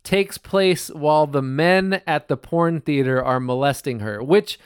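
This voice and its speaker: A man's voice: a little high, unhurried, clear, resonant tone, no room sound, clean studio sound. A man co-hosting a casual comedy podcast, chiming in with extra plot details. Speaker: podcast co-host.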